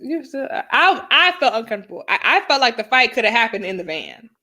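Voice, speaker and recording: A woman's voice: a little high, very animated, fairly quick, sharp tone. A young woman co-hosting a casual live review chat, laughing often and acting out what others said. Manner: laughs often, acts out quotes. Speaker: co-host reviewing a reality show.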